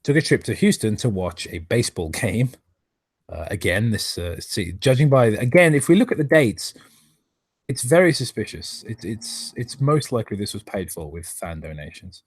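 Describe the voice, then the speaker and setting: A man's voice: lowish voice, very animated, normal speed, slightly rough, dry recording. A man reading aloud and commenting on a live stream, exasperated, sarcastic and swearing often, who stops now and then to thank viewers for donations.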